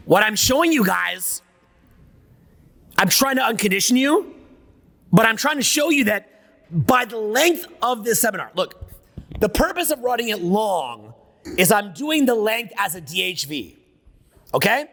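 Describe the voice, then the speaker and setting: A man's voice: sits high, very animated, a little slow, vocal fry, pauses often, fairly bright tone, long reverb tail. A man giving a live seminar talk, brash and profane, riffing off the cuff. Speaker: seminar speaker. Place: seminar room with an audience.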